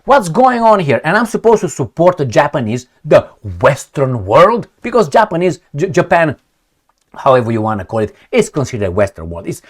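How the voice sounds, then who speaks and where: A man with a Romanian accent hosts a casual commentary show. His voice swings widely in pitch as he talks. He is blunt and crude, and he mocks the people he talks about. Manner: blunt and crude, with mocking asides; shows a map while talking. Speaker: political commentator host.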